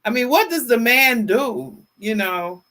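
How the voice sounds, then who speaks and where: A woman in her fifties runs a casual livestream talk show, reading viewer comments and greeting people by name. She's chatty and lively, with a slightly high voice and an unhurried pace, and she often repeats herself in colloquial phrasing.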